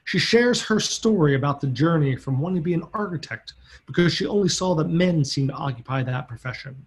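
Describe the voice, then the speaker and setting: Man, podcast host, emphatic upbeat delivery, slightly high voice. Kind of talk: scripted intro then casual interview.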